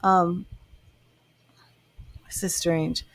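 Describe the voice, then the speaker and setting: A woman doing a live-stream psychic reading, halting and searching as she relays what she senses. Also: on the low side, level tone, no room sound. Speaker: psychic medium.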